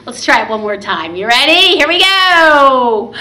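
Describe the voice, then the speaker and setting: Bright sing-song woman librarian. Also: high voice, sing-song, a little slow, few pauses. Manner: sing-song, cheerful and encouraging toward little ones. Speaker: children's librarian. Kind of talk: baby storytime with songs and rhymes. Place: library program room.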